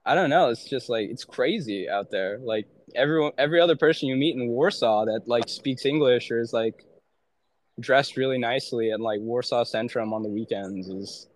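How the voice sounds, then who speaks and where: Young male podcast guest, casual rambling storyteller, mid-pitched, dead-dry close mic. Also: normal speed, no echo. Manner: rambling, heavy "like" fillers, frequent swearing. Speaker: podcast guest, former aid worker. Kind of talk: casual chat.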